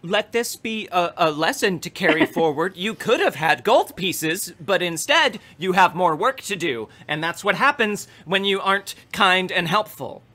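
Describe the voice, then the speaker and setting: Tabletop player, bubbly and chatty, very lively pitch, bright tone. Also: a little slow, few pauses. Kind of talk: tabletop role-play chat.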